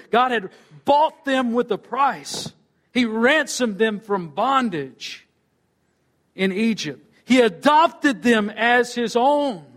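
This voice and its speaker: A man preaching a sermon as pastor, swinging between loud rising phrases and low, quiet phrase endings. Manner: preaching with wide swings in pitch and loudness, dropping low and quiet at phrase ends.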